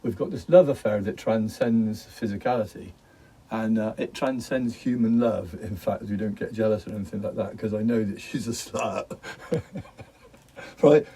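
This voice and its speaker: Rambling man, husky and mellow. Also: lowish voice, steady tone, moderate pace, far from the mic, low-quality recording. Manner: jokey, laughs often, wanders off topic. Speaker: vlogger. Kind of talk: rambling casual monologue.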